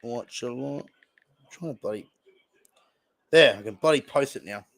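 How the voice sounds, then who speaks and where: A man's voice: medium pitch, moderate pace, creaky, fairly bright tone. A young man with an Australian accent casually chatting and reacting to plays as he hosts a live stream watch-along, rambling between topics. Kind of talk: casual live commentary and chat.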